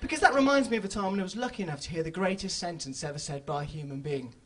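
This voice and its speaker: A man doing a stand-up comedy routine on a club stage, telling stories with sudden loud bursts. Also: sits high, racing.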